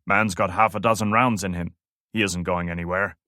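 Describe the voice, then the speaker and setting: A man voicing a hardened male operative who speaks in terse, calm, clipped lines in an audiobook. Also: deep voice, fairly quick, no room sound, studio quality. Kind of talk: audiobook character voice.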